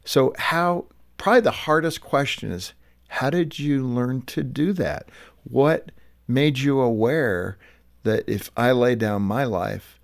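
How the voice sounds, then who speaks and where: A man's voice: medium pitch, slow pace, vocal fry. A man hosting a faith interview, asking long, probing questions and thinking aloud. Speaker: radio show host.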